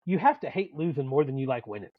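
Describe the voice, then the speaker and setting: A man co-hosting a podcast, telling profane, animated stories in casual sports banter as a dad and coach. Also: mid-range voice, fast talker, no room sound, lo-fi sound. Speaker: podcast co-host.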